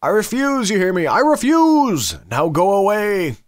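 A man voicing an angry village woman who shouts from her window. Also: big pitch swings, a little slow. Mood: furious. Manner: shrill, shouting.

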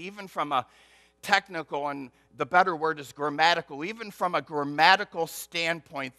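This man's voice runs a little high, captured on a dry recording as he preaches with emphasis. Stressed, loud words give way to whispered asides, and repetition sets up a steady rhythm.

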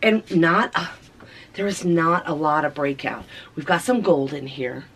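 A woman's voice: sits low, measured pace, slight background noise. A woman, casually narrating her tie-dye session and gushing over the colors, sometimes dropping to a whisper. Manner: gushing, talks softly to the colors, drops into whispers. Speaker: craft vlogger reviewing tie-dye colors. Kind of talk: casual narration while working.

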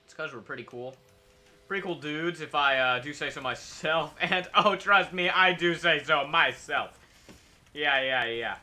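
A man's voice: fairly high pitch, measured pace, sharp tone. A man streaming a video game, talking casually and joking in a rambling, mock-patriotic way. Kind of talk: casual gameplay commentary.

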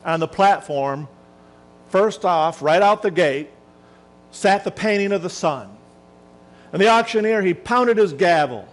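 A man preaching a sermon as a minister, telling a story dramatically and slowing down for emphasis. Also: sits high, rough recording.

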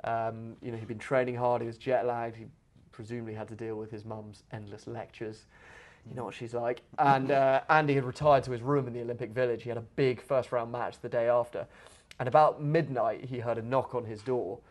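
A man's voice: mid-range voice, steady tone, fairly quick. A man co-hosting a podcast, chatting casually and telling stories with wry, dry humour. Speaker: podcast co-host. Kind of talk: casual chat.

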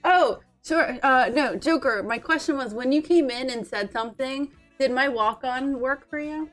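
A woman's voice: sits high, moderate pace, fairly bright tone. A young woman streaming live, chatting casually and greeting viewers by name, bubbly and giggly. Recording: with faint music behind.

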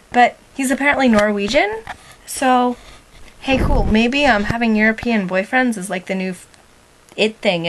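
A woman's voice: on the high side, a bit bright, poor audio. Chatty young woman rambling on camera. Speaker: vlogger. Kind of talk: casual video diary to a partner.

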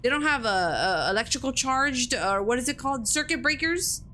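A young woman streams a spooky game with live commentary, her voice sitting a little high. She startles easily, swears without a filter and scolds whatever lurks on screen. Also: animated, normal speed, pushed and bright, a little hiss or hum. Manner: jumpy, swears freely, talks back to the game.

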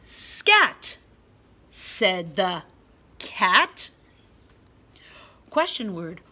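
Slow, bright-voiced woman preschool teacher. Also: mid-range voice, expressive. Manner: sounds out letters slowly and clearly; encouraging, praises the children often. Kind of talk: guided reading lesson for young children.

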